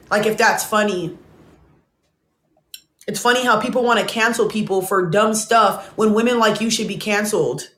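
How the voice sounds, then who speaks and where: A woman's voice: mid-range voice, a bit bright, echoey room. A woman content creator giving a blunt, indignant reaction commentary, talking straight to her viewers. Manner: talks while eating.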